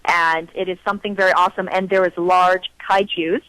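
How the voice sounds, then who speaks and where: A woman co-hosting a casual podcast, excitable and gushing, rushing through her quoted asides. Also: fairly low pitch, low-quality recording. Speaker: podcast co-host.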